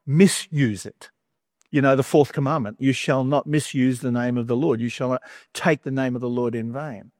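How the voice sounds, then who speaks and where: A man's voice: on the high side, a little mellow, no room sound, clean studio sound. A man giving a conversational sermon, chatty and wry, with humorous asides between scripture readings. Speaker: preacher.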